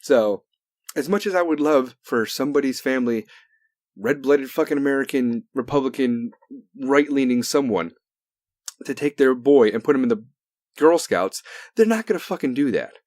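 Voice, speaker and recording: A man's voice: animated, moderate pace, no room sound, studio quality. Man ranting with heavy cursing. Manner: swings between loud outbursts and low mutters. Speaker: podcast host. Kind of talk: profane solo rant.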